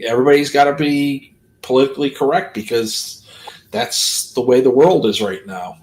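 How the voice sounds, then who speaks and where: A man's voice: mid-range voice, moderate pace, a little mellow, low-quality recording. A man streaming a casual talk, ranting bluntly with plenty of swearing. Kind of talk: casual chat.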